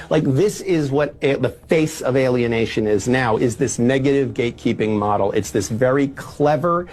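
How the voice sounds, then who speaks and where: A man working as a family lawyer explains his point in an animated way, acting out examples. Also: mid-range voice, moderate pace, few pauses.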